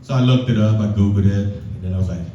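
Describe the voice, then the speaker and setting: A man's voice: fairly low pitch, quick pace, mellow, dull audio. A man in his forties doing a stand-up comedy set on a club stage, talking in a casual, rambling, self-mocking way. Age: 40s. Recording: echoey room, distant mic, faint noise.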